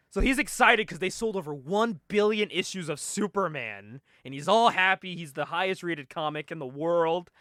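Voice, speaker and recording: A man chatting on a comic book podcast, laughing often and acting out characters in quick voices. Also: a little high, animated, fairly bright tone, clear, resonant tone, dry recording, clean studio sound. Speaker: podcast co-host.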